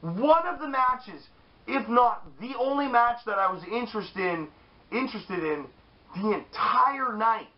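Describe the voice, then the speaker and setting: Male co-host, high-pitched and animated, profane rants; lo-fi sound. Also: a little slow. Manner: loud, animated, swears often, shouts in mock voices. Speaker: wrestling show reviewer. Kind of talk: casual profane podcast banter. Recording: dull lo-fi sound.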